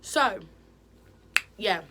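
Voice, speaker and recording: Speaking extremely slowly over a noisy background, a woman records a candid vlog from home. She talks to the camera in a frank, expressive, chatty way.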